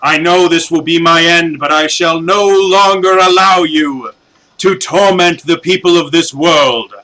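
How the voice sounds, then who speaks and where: A man voicing a grave, powerful male mentor who makes a slow, solemn declaration. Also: fairly high pitch, pushed and bright, voice pushed up, low-quality recording. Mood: solemn defiance.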